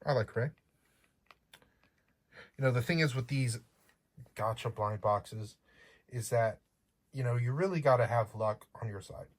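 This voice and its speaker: Husky-voiced playful unboxing vlogger. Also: medium pitch, unhurried, pauses often. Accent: slight accent. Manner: playful, chatty, joking asides to viewers. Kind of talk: casual unboxing chat.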